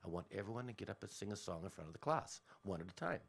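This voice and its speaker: A man's voice: fairly low pitch, sing-song, rapid-fire, vocal fry, exaggerated voice. A man voicing a stern, strict woman schoolteacher who gives clipped commands to her class. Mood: commanding.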